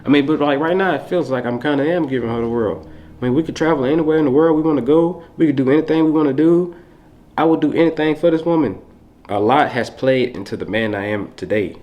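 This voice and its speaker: A man's voice: fairly high pitch, quick pace, dull audio. A young man vlogging to camera in a heartfelt, rambling way, speaking. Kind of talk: casual talk to camera.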